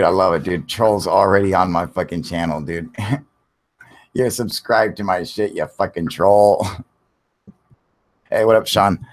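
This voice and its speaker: Gravelly, deep-voiced male livestream host. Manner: loose, profane, chuckling, greets viewers by name. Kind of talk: casual live-stream chat.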